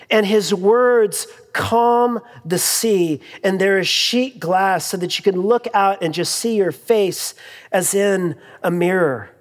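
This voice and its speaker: Conversational pastor preaching in a reverberant hall. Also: medium pitch. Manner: conversational, with frequent restarts and humorous asides. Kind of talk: sermon.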